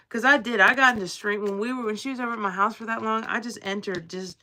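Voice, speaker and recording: A young woman with a Southern drawl chats loosely to her livestream viewers, rambling and playful. Her voice is bright and forward, with a gravelly, fried edge at the ends of phrases, at a middling pitch. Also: fast talker, hardly any pauses. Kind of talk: casual chat with live chat.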